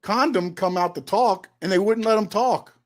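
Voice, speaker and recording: A man's voice: high-pitched, normal speed. A man co-hosting a casual wrestling talk show, skeptical and argumentative, often pressing with questions. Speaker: co-host.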